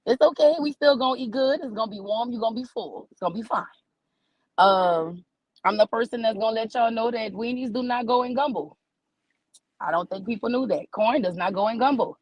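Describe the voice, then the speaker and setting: A woman's voice: fairly high pitch, brisk, dry recording, lo-fi sound. A woman from New Orleans with a New Orleans accent, performing stand-up comedy in a folksy, scolding auntie tone that calls people baby. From New Orleans, USA.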